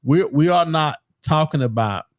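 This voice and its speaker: A man's voice: a little high, moderate pace, dry recording, lo-fi sound. Regular guy guesting on a talk show, easygoing, repeats himself, dry close sound. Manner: relaxed, repeats his words, southern slang. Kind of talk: casual political talk show.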